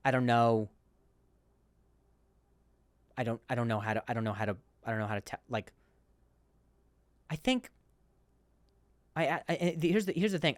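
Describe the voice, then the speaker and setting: A man with a noticeable stutter rattles through a comedic monologue, snagging and repeating words as he goes. His voice is smooth and clear, at an ordinary middle pitch. It sounds dry and close, with no room around it. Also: dry recording. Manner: stammers and repeats words, animated rants. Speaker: comedy podcast host.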